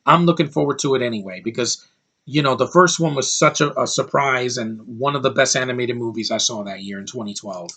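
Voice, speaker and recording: His mid-range voice is a little fast, pushed, bright, and slightly rough as he vlogs his movie list. Tired from too little sleep, the man gives blunt, rambling takes and often restarts sentences.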